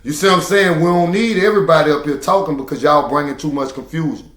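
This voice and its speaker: A man's voice: a little high, fast, a bit bright, echoey room. A man who drives trucks, talking to the camera in a preachy, emphatic way and hammering home repeated phrases. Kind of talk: casual monologue to camera.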